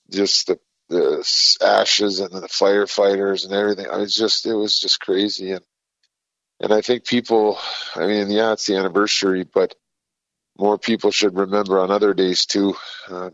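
Male guest, very low voice, easygoing tone, dull dry recording. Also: fairly bright tone, no room sound. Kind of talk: casual chat.

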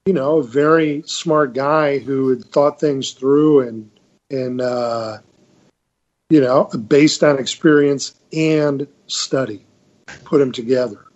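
Older male panelist on a muffled remote line, measured and halting, lots of "uh.". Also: mid-range voice, darkish tone. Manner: measured, hesitant, many fillers. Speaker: retired Marine colonel, panelist. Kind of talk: casual panel discussion.

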